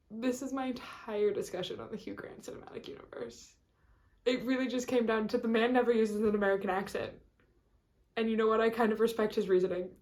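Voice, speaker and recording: A woman's voice: mid-range voice, a little mellow. A woman vlogging in a casual, rambling chat to camera, full of fillers and restarts.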